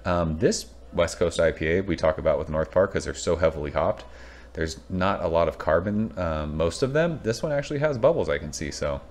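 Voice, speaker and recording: Very deep-voiced chatty beer reviewer man. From Southern California. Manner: chatty, rambling, excitable, swears casually. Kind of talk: casual beer review vlog.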